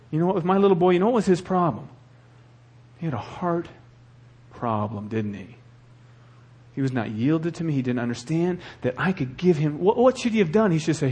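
A middle-aged male pastor preaching a sermon with animated delivery and acted asides. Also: on the high side, brisk, husky.

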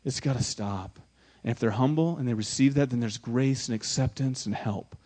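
A man preaching a sermon as pastor, speaking emphatically, swinging from loud exclamations to hushed lines, often repeating words for emphasis. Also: medium pitch, brisk.

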